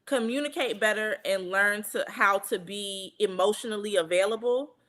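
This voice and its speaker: Bright, earnest woman co-hosting a podcast. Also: mid-range voice, moderate pace. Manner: earnest, emphatic, often asks "you understand what I'm saying?". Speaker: podcast co-host. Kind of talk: casual podcast chat.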